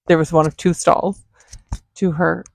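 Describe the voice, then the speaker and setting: Gravelly-voiced woman telling a story. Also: lowish voice, a little slow, no room sound. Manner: animated, chatty. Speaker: vlogger, mother. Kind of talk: casual storytelling.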